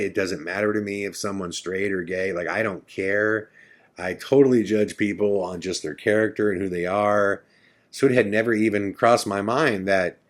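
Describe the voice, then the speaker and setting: A man hosting a podcast, casually telling a first-person story in a chatty, self-correcting way. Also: fairly low pitch. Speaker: podcast host.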